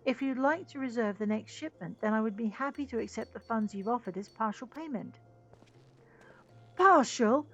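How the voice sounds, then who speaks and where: A loud, eager male engineer from a game blusters about his designs in a gravelly voice, as a woman puts him on. The recording is slightly dull, with faint music playing behind. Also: fairly high pitch, moderate pace, voice pushed up. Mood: pleading.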